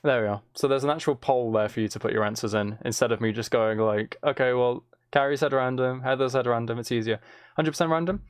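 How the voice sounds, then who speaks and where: A man's voice: medium pitch, fast talker, clean tone, no room sound, studio quality. A man chatting casually on a live stream, reading out viewers' messages and hesitating often.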